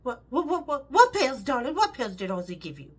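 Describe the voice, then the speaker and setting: A woman's voice: high-pitched, very animated, a little fast, breathy edge, full character voice. A woman putting on a sweet, doting English woman who coos and calls everyone darling. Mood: alarmed.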